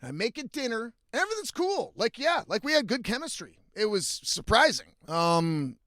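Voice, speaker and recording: A young man with a fairly high voice rants bluntly about his life, swearing freely and sounding fed up. The sound is dry and close, with almost no room around it. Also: sing-song, normal speed, bright, forceful tone, no room sound. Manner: profane, blunt, frequently exasperated. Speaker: vlogger. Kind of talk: casual storytelling rant.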